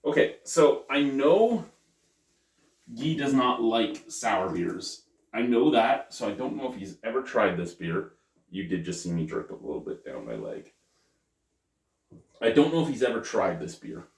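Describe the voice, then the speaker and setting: Man, lowish voice, casual beer-review vlogger, rambling and self-correcting, recorded a bit off-mic in an echoey room. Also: big pitch swings, unhurried. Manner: chatty, self-correcting, thinks aloud. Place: at home. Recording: roomy, mic at a distance.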